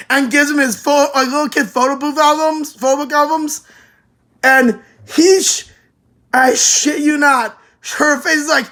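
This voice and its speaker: Excitable young woman ranting, high voice. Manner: excitable, swearing, stammering restarts. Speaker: anime reviewer. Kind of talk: casual rant review.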